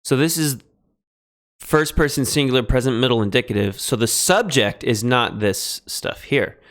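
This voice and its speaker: A man streaming a Greek translation lesson, thinking aloud in a halting way and pausing while he writes notes. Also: medium pitch, expressive, fairly bright tone. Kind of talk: relaxed live-stream teaching.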